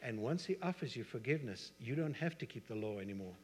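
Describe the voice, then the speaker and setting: A man's voice: mid-range voice, lively intonation, fast, slight background noise. A middle-aged man with a South African accent preaching a sermon, conversational, with asides and rhetorical questions to the congregation. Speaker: pastor. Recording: long hall reverb.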